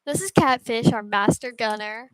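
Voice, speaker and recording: A woman voicing a boisterous pirate ship captain with a gruff, bossy sea-captain manner. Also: on the high side, moderate pace, a bit bright, close to an everyday voice, poor audio. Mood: commanding.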